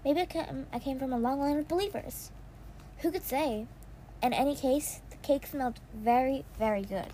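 A woman reading a first-person children's novel aloud, soft and wondering, with small slips. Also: high voice, normal speed, a little hiss or hum. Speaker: audiobook reader. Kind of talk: first-person storybook narration.

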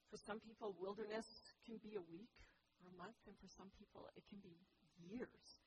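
A woman in middle age preaches a sermon, telling personal stories in an earnest, reflective manner. Her voice sits at a typical pitch for a woman. The church recording carries a clear layer of background noise. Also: steady tone, brisk. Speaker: pastor.

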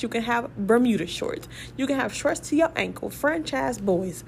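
A woman's voice: a little high, a little slow, creaky, slight background noise. Emphatic woman teaching from the Bible. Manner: emphatic, with repeated rhetorical questions; excitable and conversational. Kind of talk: casual Bible study talk.

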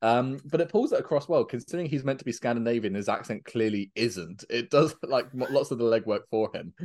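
A man's voice: medium pitch, fairly quick, darkish tone. A man with a British accent chatting casually as a podcast guest, joking and laughing often. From Britain. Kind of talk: casual chat.

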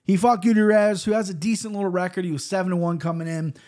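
A man in his thirties hosting a casual fight-sports betting show, rambling quickly with restarts and the odd curse. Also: high voice, fairly even intonation, darkish tone. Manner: rambling, fast-talking with frequent restarts and swearing. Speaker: show host. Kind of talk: casual MMA betting commentary.

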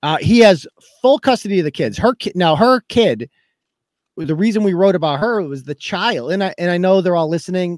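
A man's voice: high voice, lively intonation, moderate pace, no echo. A man hosting a podcast, telling a story in a heated, profane rant and acting out other people's lines as he goes. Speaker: podcast host.

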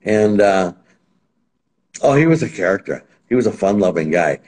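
Guest, male, lower voice, lively storyteller who acts out what people said. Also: moderate pace. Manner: animated, acts out quotes in other voices. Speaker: interview guest. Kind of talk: casual anecdotal storytelling.

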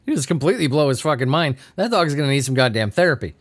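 A male podcast host riffing on strange news stories, slightly high for a man and very lively in pitch. He swears a lot and keeps breaking into laughter, sounding sleepy and giddy. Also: fast talker. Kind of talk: casual comedic news commentary.

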